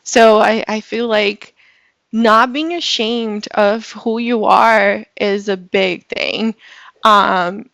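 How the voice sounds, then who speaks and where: A woman's voice: mid-range voice, steady tone, takes it slowly, creaky, fairly bright tone, dry recording. Brazilian-accented woman in her twenties. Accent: Brazilian Portuguese. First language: Portuguese. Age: 20s. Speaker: guest. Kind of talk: casual interview answer.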